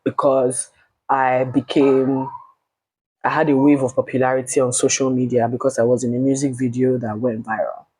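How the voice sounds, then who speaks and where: A woman with a Nigerian accent telling a personal story in a casual, blunt and animated way, swearing freely. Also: rumbling low, moderate pace, husky, dry recording, poor audio.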